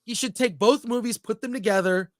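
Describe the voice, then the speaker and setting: A man's voice: high voice, fairly quick, no echo. Dry-voiced, opinionated male film podcaster. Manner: opinionated, animated, reads out live chat comments. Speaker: podcast co-host. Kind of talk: casual film review chat.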